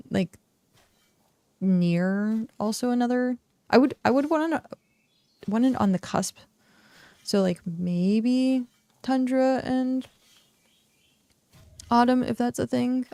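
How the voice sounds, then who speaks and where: Gravelly-voiced woman streamer thinking aloud. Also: fairly high pitch, slow pace, long pauses, mellow, dry recording. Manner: rambling, thinking aloud with many fillers. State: hiccuping and yawning. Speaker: game streamer. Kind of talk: casual streaming chat while playing.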